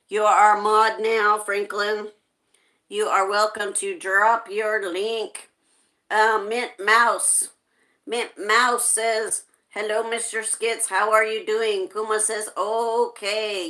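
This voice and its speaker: A woman's voice: mid-range voice, sharp tone. A woman hosting a casual livestream, reading viewer comments aloud and greeting people in a friendly way. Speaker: livestream host reading chat.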